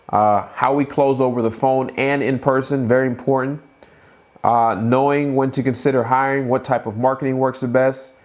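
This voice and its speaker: A man with a Boston accent hosting a live Q&A stream, talking up an upcoming event in a hyped, repetitive way with quick restarts. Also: medium pitch, a little mellow. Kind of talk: casual live-stream promotion.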